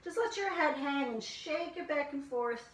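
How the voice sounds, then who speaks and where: A woman's voice: sits high, expressive, normal speed, echoey room, recorded from a distance, low-quality recording. A woman instructor guiding a family yoga class, playfully cueing breaths and inviting animal sounds.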